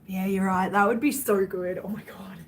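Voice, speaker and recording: A woman's voice: medium pitch, fairly even intonation, normal speed, a little hiss or hum. An Australian woman chatting casually on her livestream, venting bluntly to her viewers and swearing freely.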